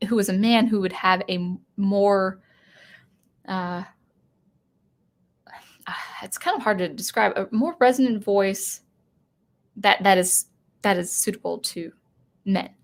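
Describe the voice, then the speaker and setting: Female streamer, mid-range voice, unscripted commentary, thinks out loud with frequent restarts. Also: mid-range voice. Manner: thinking aloud, halting with restarts. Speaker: channel host and teacher. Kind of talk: live-stream commentary answering chat.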